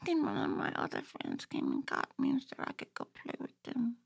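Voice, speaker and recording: Kid sidekick, little girl, squeaky, whiny and bouncy, as a man puts her on, crisp dry sound. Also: huge pitch swings, moderate pace, no echo, heavily acted. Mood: aggrieved.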